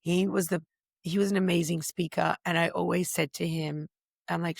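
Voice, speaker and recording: Brief: middle-aged woman, interview guest, animated storyteller, slight fry. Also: fairly low pitch, normal speed, no echo, clean studio sound. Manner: expressive, animated storyteller with voices. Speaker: podcast guest. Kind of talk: interview conversation.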